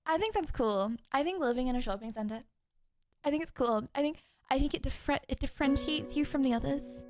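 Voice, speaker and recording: A woman's voice: high-pitched, brisk. A young woman streamer chatting casually with her viewers in a rambling, giggly way. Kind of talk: casual livestream chat. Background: music.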